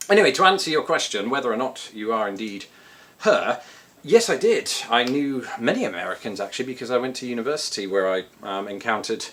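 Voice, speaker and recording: British vlogger, jokey and self-mocking, pitch bouncing up and down a lot. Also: male voice, very animated, fairly quick, a bit bright. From Britain. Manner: joking, self-deprecating asides. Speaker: vlogger answering viewer questions. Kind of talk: casual chat to camera.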